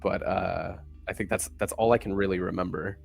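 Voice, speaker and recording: A man's voice: sits low, steady tone, brisk, vocal fry, soft background music. A man playing a tabletop game, chatting casually and hesitantly. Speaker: player. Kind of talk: casual chat.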